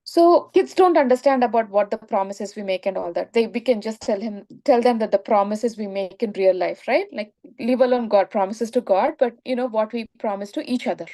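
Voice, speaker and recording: A woman's voice: a little high, a little fast, hardly any pauses, dark tone. A woman telling a moral story in a spiritual lesson, often checking in with "right?". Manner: explanatory, frequent "right?" checks. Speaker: spiritual teacher.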